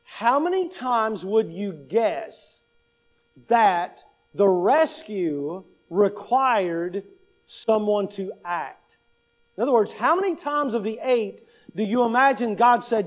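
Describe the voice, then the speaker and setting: A man's voice: high-pitched, animated, takes it slowly, low-quality recording. A male pastor preaching conversationally, posing questions to the congregation and telling humorous everyday stories. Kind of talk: sermon.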